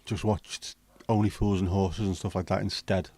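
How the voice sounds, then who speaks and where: Middle-aged man, casual livestream chat, blunt and sweary, deep-ish voice. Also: flat delivery, normal speed, a little mellow, no echo. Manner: chatty, blunt, swears freely. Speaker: livestream host. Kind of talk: casual chat reading out viewer comments.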